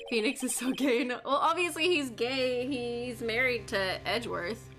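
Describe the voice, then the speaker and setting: A woman's voice: on the high side, normal speed, hardly any pauses, noisy background. A young woman streaming a game, chatting casually, giggling and swearing often. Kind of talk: casual gameplay commentary.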